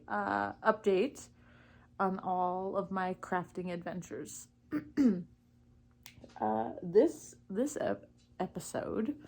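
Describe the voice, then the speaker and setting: A young woman chatting casually in her crafting vlog, rambling with lots of fillers and getting easily distracted. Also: mid-range voice. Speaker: knitting vlogger. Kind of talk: casual chat.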